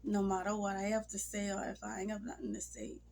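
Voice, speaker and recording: A woman's voice: mid-range voice, level tone, brisk, gravelly, very noisy. A woman talking casually to her camera in a rambling, emotional way. She has a cold and sometimes drops into near-whispers. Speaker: vlogger. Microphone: phone or camera mic.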